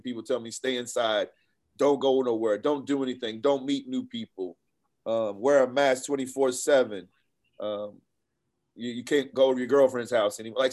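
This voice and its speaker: A man speaking earnestly as an interview guest, restarting his phrases often. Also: medium pitch. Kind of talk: interview discussion.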